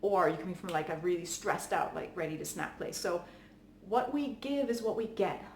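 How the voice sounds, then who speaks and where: A woman giving parenting advice in a calm, earnest, chatty way, with frequent fillers. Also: fairly low pitch, a little fast. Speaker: parenting coach. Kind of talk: casual advice talk to camera. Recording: echoey room with faint background noise.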